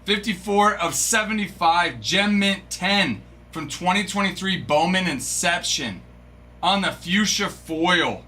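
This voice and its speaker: Excitable man with a bright, lively voice. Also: high voice, a little slow. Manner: excitable, chatty, bursts into yells. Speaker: host of a live sports card break stream. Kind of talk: live-stream card opening chat.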